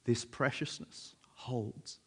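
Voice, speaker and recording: A man's voice: medium pitch, steady tone, slow pace, fairly bright tone, slightly rough. A man preaching a sermon in a conversational way, with frequent fillers.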